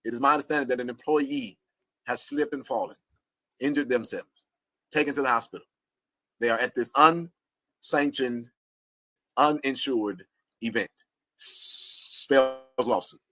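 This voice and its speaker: Animated, bright-voiced man ranting. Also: mid-range voice, fairly quick, pauses often, no room sound. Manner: animated, cussing, laughing often. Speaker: online commentator. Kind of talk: livestream commentary rant.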